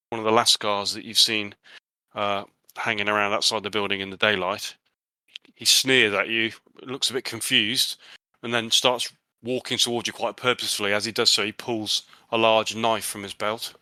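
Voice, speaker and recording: A man narrating a tabletop horror game as game master, halting often with fillers and restarts. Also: lowish voice, sharp tone, clean tone, no room sound, poor audio.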